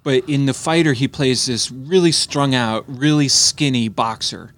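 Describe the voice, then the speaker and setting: A man's voice: medium pitch, measured pace, fairly bright tone. A man co-hosting a casual movie podcast, rambling through stories and acting out bits of dialogue. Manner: rambling storyteller with frequent restarts, acts out dialogue. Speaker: podcast co-host. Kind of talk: casual chat reviewing a movie.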